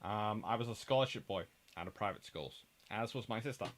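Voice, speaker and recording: A man's voice: fairly low pitch, fairly quick. A middle-aged man from England, hosting a rambling live-stream chat and answering viewer comments. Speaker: host.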